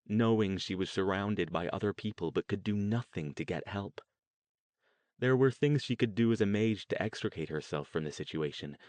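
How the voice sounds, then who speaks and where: A man narrating a novel in a measured, steady storytelling way. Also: low-pitched, no echo. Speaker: audiobook narrator. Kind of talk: scripted narration.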